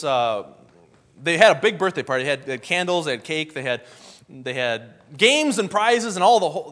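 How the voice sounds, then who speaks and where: A man's voice: mid-range voice, fairly bright tone. A man preaching a sermon in a folksy storytelling way, acting out the scenes he describes.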